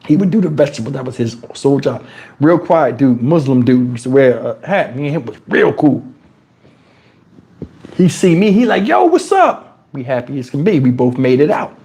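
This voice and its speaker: A man from New Jersey telling casual stories on his livestream in crude street slang, animated and jumping into high, shouted tones as he retells them. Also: moderate pace. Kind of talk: casual storytelling. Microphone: wireless lapel mic.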